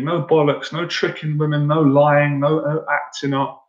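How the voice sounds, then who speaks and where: A man's voice: fairly high pitch, level tone, normal speed, hardly any pauses. A man speaking earnestly and emotionally in a live-stream monologue, often stumbling and repeating himself as a coach. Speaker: dating and anxiety coach. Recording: roomy, dull lo-fi sound.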